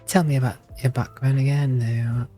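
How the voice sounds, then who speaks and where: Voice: medium pitch, flat delivery, moderate pace, dark tone, soft background music. A streamer with a US Southern accent, chatting casually and reading game dialogue aloud, easygoing and chuckling between remarks.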